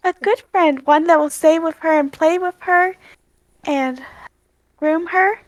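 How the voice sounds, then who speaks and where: A woman playing a kind young adventurer, speaking softly and reassuringly. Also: high voice, animated, moderate pace, no echo, rough recording. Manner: soft, reassuring, earnest.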